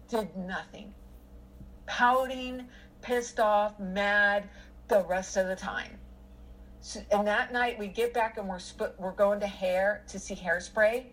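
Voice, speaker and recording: A woman's voice: medium pitch, unhurried, a little hiss or hum, low-quality recording. A middle-aged woman telling a personal story in casual conversation, rambling with many fillers and restarts.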